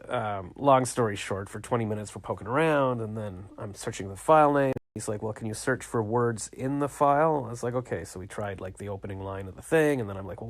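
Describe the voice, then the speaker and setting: A man with a lowish voice talks through his day in a rambling, reflective video diary. The sound is close and dry, from a small home studio. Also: no echo. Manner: rambling and reflective, retelling conversations. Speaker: vlogger. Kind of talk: casual late-night video diary.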